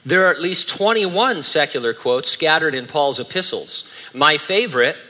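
Bright-voiced male pastor preaching. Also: on the high side, animated, moderate pace. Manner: conversational preaching with dry asides. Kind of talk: sermon.

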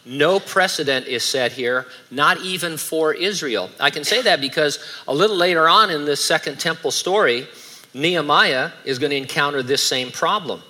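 A man's voice: on the high side, moderate pace, bright, forceful tone. A middle-aged man preaching a sermon in a conversational way, with dry humorous asides. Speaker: pastor.

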